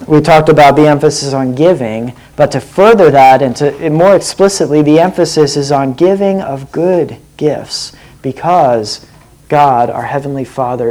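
A man's voice: on the high side, a little mellow, rough recording. Earnest man preaching a sermon. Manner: earnest, asks the listeners direct questions.

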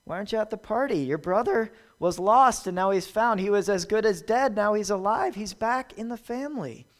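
A man's voice: on the high side, sing-song, a little slow, gravelly, exaggerated voice. A man voicing a forgiving father in a sermon retelling, asking earnest, pleading questions.

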